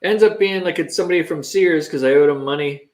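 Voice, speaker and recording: A man's voice: a little high, fast, crowd noise. A man co-hosting a podcast, rambling through a casual anecdote with restarts, recorded with roomy echo and faint hiss. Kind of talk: casual chat.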